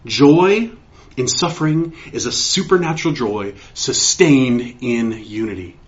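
A man preaching a sermon in an excitable way, often restarting and repeating words as he works through a passage. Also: mid-range voice, unhurried. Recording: dull lo-fi recording.

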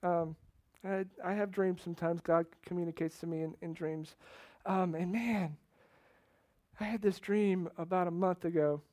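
A man's voice: high voice, fairly even intonation, normal speed, no room sound. Male pastor, earnest sermon storyteller, dry close sound. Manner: earnest storytelling, swings from hushed to loud emotional outbursts.

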